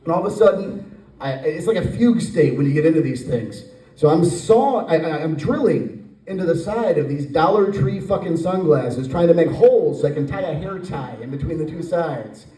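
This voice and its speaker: A man in his forties tells a rambling stand-up story, slipping into acted voices along the way. His voice sits a little high for a man. It is heard from some distance in a roomy, echoing space. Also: animated, normal speed, warm tone. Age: 40s. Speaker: stand-up comedian. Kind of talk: stand-up comedy set. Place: brewery stage with live audience.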